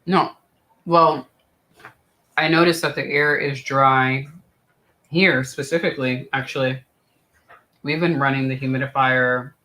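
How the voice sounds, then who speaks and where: A man's voice: medium pitch, fairly even intonation, measured pace, long pauses, sharp tone, low-quality recording. A man in a casual chat at home, talking loosely with many fillers. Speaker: co-host.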